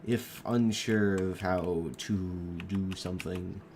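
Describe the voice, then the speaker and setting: A man's voice: low-pitched, fairly even intonation, takes it slowly, a little mellow, slight background noise. A sick young man with a cough, giving rambling, joking gameplay commentary into a desk microphone and drifting off mid-thought. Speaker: gaming video creator.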